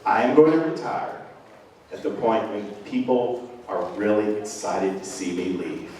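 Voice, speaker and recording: A man's voice: fairly low pitch, lively intonation, unhurried, darkish tone, slight background noise. A middle-aged man giving a rambling, earnest, self-deprecating speech to parents as a band director. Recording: echoey hall from far off.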